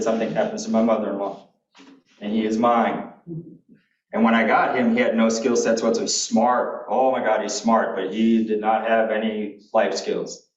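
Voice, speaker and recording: A man's voice: lowish voice, far from the mic. Folksy, blunt keynote speaker, a man. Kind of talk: animated storytelling talk. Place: conference hall. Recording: echoey, dull room recording from afar.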